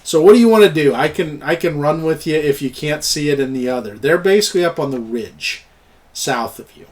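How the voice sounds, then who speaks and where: A chatty middle-aged man runs an online tabletop game. He talks through rules and scenes and laughs often. His voice sits a bit high. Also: animated, brisk, darkish tone. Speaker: game master. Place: at home, online voice chat.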